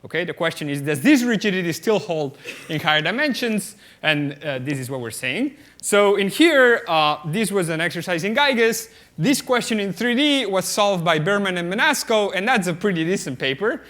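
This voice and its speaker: Man, math lecturer, fairly high, bright forceful voice, lots of uh and okay. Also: expressive, moderate pace, few pauses. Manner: explanatory, often checks the audience with "okay?"; many "uh" and "um" fillers and restarts. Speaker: mathematics lecturer. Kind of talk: conference lecture at a board.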